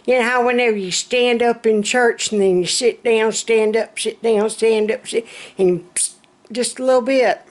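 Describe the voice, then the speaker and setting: A woman's voice: fairly high pitch, steady tone, moderate pace. A middle-aged woman, chatting in a self-mocking, storytelling way. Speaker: vlogger. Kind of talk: casual chat.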